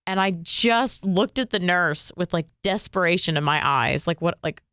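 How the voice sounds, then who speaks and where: Young female podcast co-host, low and smooth, emotional casual storyteller. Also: normal speed, dry recording, studio quality. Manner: emotional, animated retelling with frequent fillers.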